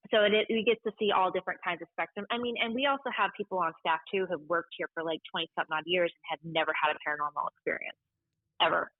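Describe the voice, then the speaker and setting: A woman who works at a library, telling a story in a chatty, animated way and acting out the people she quotes. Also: on the low side, quick pace, dry recording. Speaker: library staff member. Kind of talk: casual storytelling interview. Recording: tinny phone-like sound.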